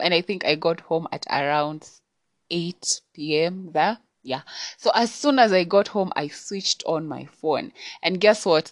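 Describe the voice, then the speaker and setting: A young Kenyan woman chats through a personal story on her podcast, talking straight to her listeners. Her voice sits fairly low and sounds close and dry. She tells it with easy, exasperated energy. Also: dry recording. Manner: chatty and exasperated, addressing listeners. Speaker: podcast host. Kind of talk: casual storytime. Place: home on a rainy night.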